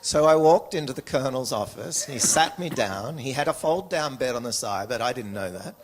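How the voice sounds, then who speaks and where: Husky Australian man telling stories. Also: medium pitch, normal speed. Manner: anecdotal, animated, with self-corrections. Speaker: educator, interview guest. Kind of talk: storytelling in an interview.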